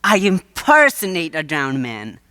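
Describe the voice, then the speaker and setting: A wheedling waterfront showman, played by a teenage student, pitches his act with theatrical sales patter. The voice swoops up and down with bright, ringing energy. It is a live school stage play, and the sound is dry and close. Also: wildly swooping pitch, a little slow, no echo, exaggerated voice. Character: wheedling male waterfront huckster staging fake drownings.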